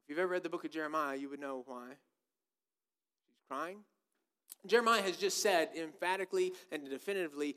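A man's voice: fairly high pitch, normal speed, pauses often, a bit bright, clear, resonant tone. A man preaching a sermon, emphatic and full of repeated rhetorical questions.

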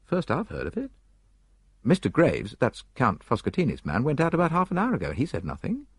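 A man's voice: mid-range voice, wildly swooping pitch, a little fast, husky, no room sound, studio quality, voice pushed up, exaggerated voice. A man doing a plain-spoken lift attendant. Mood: puzzled. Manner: plain and matter-of-fact.

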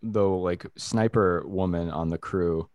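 Deep-voiced guy riffing loosely on a podcast, dry close sound. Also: a little slow, darkish tone, no echo. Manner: rambling, many "like"s and restarts, laughs often. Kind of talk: casual crude banter about a movie.

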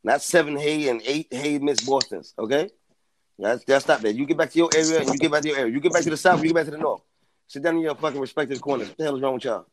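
A man's voice: a little high, quick pace. Bossy profane man running a chat room. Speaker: host. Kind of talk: casual chat.

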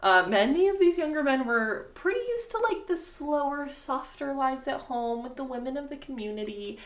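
A young woman retells a history story to a friend as a casual podcast co-host, laughing often and swearing freely. Her fairly high voice swings widely in pitch. The room has a noticeable echo. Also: animated, normal speed. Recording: echoey room.

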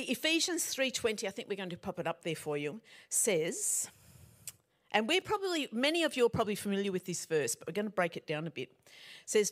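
A middle-aged woman preaching a sermon in a conversational way, often putting questions to her congregation. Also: medium pitch. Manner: animated, conversational, asks the audience questions.

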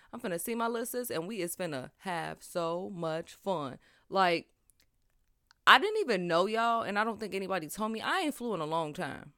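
A woman's voice: medium pitch, sharp tone, dry recording. A woman hosting her own podcast in casual, slangy, talkative chat on a close mic. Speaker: podcast host.

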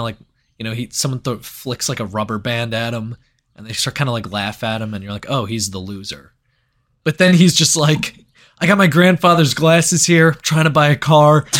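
A man chatting loosely about a movie, his voice sitting a little high for a man. He swears freely and jumps into loud impressions of the characters' lines. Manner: laid-back, swearing, acts out movie lines loudly. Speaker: podcast co-host. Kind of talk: casual movie review chat.

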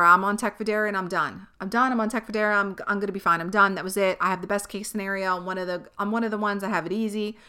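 A young woman hosts a podcast, delivering a personal monologue in a medium-pitched, pushed and bright voice with a clean tone. She talks candidly and at length, rambling casually and swearing frequently.

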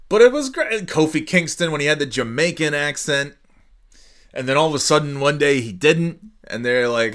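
A man's voice: on the high side, big pitch swings, normal speed, fairly bright tone. A man in his forties chatting casually and alone as a podcast host, rambling and sarcastic, slipping into silly voices. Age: 40s. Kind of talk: casual solo chat.

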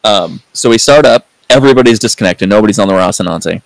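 A man's voice: fairly low pitch, quick pace, vocal fry, no echo, low-quality recording. A man hosting a podcast in casual review chat, rambling with lots of fillers and free swearing. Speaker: podcast host.

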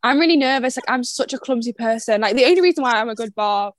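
A young woman in her twenties rattles through stories at a quick clip, her voice a little high. The sound is close and dry, with no room around it. She chats casually and swears freely. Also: lively intonation, no room sound. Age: 20s. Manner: rapid, swearing, storytelling. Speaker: podcast co-host. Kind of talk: casual chat.

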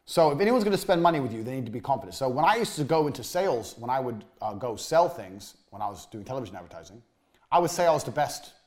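A man teaching a motivational business course. He talks bluntly, swears, repeats his points for emphasis and lets phrases sink to a low, trailing finish. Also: big pitch swings, fast. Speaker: course instructor.

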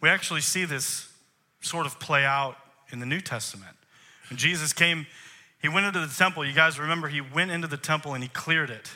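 A man's voice: on the high side, brisk, bright, forceful tone. A man, a worship leader, preaching a sermon in an emphatic way, posing rhetorical questions to the congregation.

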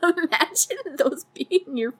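A woman's voice: high voice, lively intonation, slow pace. A woman hosting a podcast, recapping a movie casually, laughing often and swearing freely. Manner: giggly, laughs often between sentences. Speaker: podcast host.

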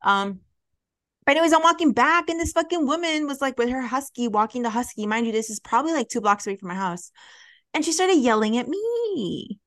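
A woman's voice: sits high, a little fast. A young woman from Chicago co-hosting a podcast in casual chat, telling stories with lots of energy, cursing freely and acting out the people she quotes. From Chicago area. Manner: animated storyteller, swears freely, acts out quoted people. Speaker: podcast co-host. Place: apartment near a window.

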